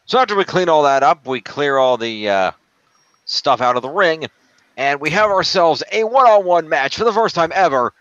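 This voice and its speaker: A man's voice: a little high, expressive, normal speed, fairly bright tone, no echo, dull audio. A man co-hosting a podcast, casually recapping the week's wrestling and tallying scores. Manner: narrates events, acts out quotes in a raised voice. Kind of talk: casual chat, recapping events.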